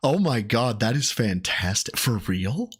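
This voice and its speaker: A male streamer talks excitedly and quickly, cursing freely. He often stumbles and restarts his sentences as he reads viewer messages aloud. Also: medium pitch, breathy edge. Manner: excited, rapid, profane, with many restarts. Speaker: live streamer. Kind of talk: live stream commentary and chat reading.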